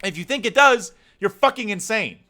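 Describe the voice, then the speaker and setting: A young man delivers a fired-up political rant as a streamer, cursing freely and pushing his point hard. His voice sits high for a man and comes across bright and forceful. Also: animated, normal speed. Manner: heated, swearing, pleading.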